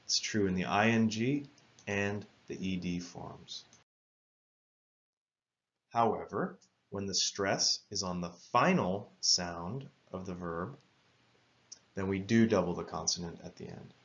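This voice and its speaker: A man with a low voice explains spelling rules as a patient teacher. He speaks slowly and carefully and spells words out letter by letter. The recording sounds a little dull. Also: fairly bright tone. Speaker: English grammar teacher. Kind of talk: scripted lesson narration.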